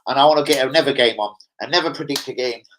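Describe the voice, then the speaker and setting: A young man hosting a casual football fan livestream, rambling, swearing freely and reading out chat shout-outs. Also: mid-range voice, rapid-fire, background noise.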